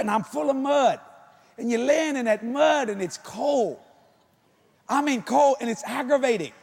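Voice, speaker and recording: A preacher tells a comic story with a striking high voice that has a gravelly rasp. He is animated and often bursts into shouts. His delivery is lively.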